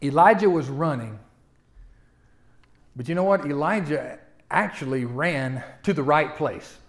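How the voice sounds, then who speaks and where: A male pastor, preaching a folksy sermon that swings from loud to hushed and often repeats his opening words. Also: a little high, expressive, unhurried. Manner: repeats words when starting sentences.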